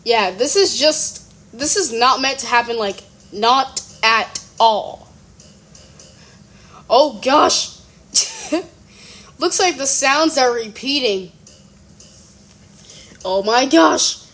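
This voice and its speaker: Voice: mid-range voice, takes it slowly, pauses often, fairly bright tone. A young speaker at home, giving a casual reaction commentary, often giggling and exclaiming in surprise, rambling and correcting themselves. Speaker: reaction video creator. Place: room at home.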